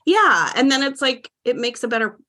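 Woman podcast guest, animated rambler, fillers galore, voice a touch high. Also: normal speed. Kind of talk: casual chat.

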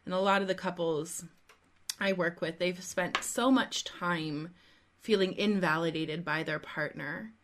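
Reflective lower-voiced woman host. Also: measured pace, noisy background. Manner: reflective, emphatic, building on the guest's points. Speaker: podcast host, couples therapist. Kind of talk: podcast interview.

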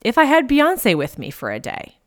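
A woman's voice: on the high side, wildly swooping pitch, moderate pace. A woman in her thirties, a coach talking casually and candidly on her podcast, with lots of fillers and the odd swear.

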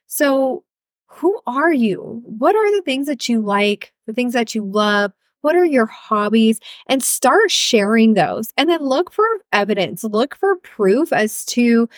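A woman in her thirties, a healer coach, hosts a casual solo podcast in a fairly high voice, recorded dry with studio quality. She's chatty and frank, cussing freely as she talks.

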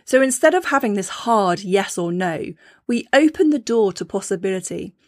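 A woman's voice: mid-range voice, expressive, normal speed, darkish tone, dry recording, clean studio sound. A woman hosting a podcast, explaining her topic in a conversational teaching tone and often checking in with her listeners. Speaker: podcast host.

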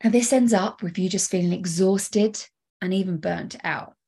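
A woman's voice: mid-range voice, moderate pace, vocal fry, husky. Emphatic woman coaching podcast host. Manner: energetic, emphatic, direct address with rhetorical questions. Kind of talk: solo motivational podcast.

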